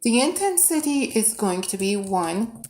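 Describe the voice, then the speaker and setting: A woman streaming live as she builds a game mod, her pace slow and unhurried. She talks herself through each step and mumbles under her breath, then suddenly jumps up in pitch and volume with excitement. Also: slight background noise. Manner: excitable, thinks aloud, bursts into shouts; mutters quietly while working.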